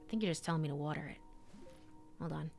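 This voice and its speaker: A woman's voice: deep voice, quick pace, creaky, darkish tone, faint music behind. A young woman streaming a video game, chatting casually, bubbly and giggly, gushing over cute things. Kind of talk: casual let's-play commentary.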